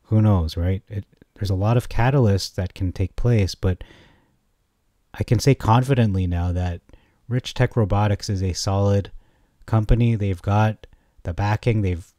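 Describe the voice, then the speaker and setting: Guy doing an offhand stock chart rundown, mellow low voice, keeps restarting sentences, gets worked up, dry mic. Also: unhurried, no room sound. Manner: rambling, self-correcting, gets excited. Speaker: stock market commentator. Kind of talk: casual chart analysis monologue.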